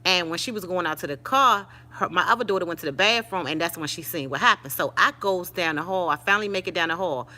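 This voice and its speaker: Speaking quickly with few pauses in a lowish voice, an older woman spins a story for her live-stream audience. She's casual and animated, addressing viewers as y'all and honey.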